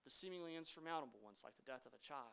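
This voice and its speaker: A man, a pastor preaching a sermon, swinging from loud emphasis to hushed asides. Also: mid-range voice, expressive, racing, creaky, smooth.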